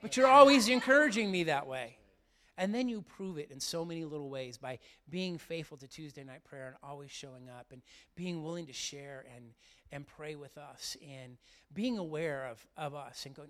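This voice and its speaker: In a church sanctuary, a middle-aged pastor delivers an earnest, heartfelt sermon straight to his congregation. His voice is fairly high, animated and a bit bright, at a normal speed.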